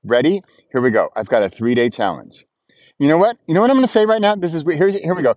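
A man giving an animated, playful monologue for his vlog while walking outdoors, often laughing at himself. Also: fairly high pitch, fast talker, dry recording, highs cut off. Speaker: vlogger.

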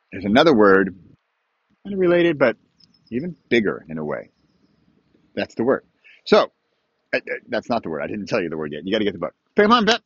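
Male author-vlogger, rambling and self-amused, outdoors on a phone mic, lively delivery, lo-fi sound. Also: deep voice, husky, no room sound. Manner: rambling, self-amused, calls out to his dogs mid-thought. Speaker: author and online course creator. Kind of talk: casual walk-and-talk vlog. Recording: dry, slightly dull lo-fi audio.

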